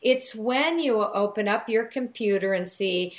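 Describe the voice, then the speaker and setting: A woman's voice: mid-range voice, a little slow. A woman in her fifties, a psychic reader and artist, talking candidly and with animation in a casual spiritual conversation. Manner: animated, candid, laughs easily.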